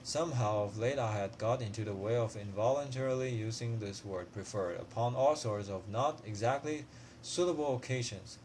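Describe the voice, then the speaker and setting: A man's voice: lowish voice, slight background noise. Man reading a story aloud with slips. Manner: steady reading with frequent slips and restarts. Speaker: student reader.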